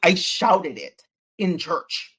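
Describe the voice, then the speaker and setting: Man telling a story with animated, acted-out quotes. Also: a little high, moderate pace. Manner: animated, quoting others in acted voices. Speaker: interview guest. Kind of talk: casual storytelling.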